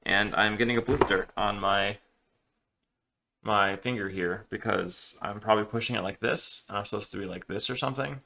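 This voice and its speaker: A man with a gravelly, crackly edge and a bright, forward tone talks loosely in a home kitchen. He rambles and pokes fun at himself as he chats. Faint noise hangs in the background. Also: on the low side, normal speed. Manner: rambling, self-deprecating, joking. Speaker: cooking vlogger. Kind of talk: casual cooking vlog.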